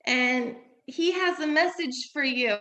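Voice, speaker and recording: A woman's voice: high voice, slow pace, pushed and bright. A woman advocate speaking at a press conference, heartfelt and repeating lines for emphasis. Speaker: advocate and mother of a solitary survivor. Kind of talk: emotional press conference speech.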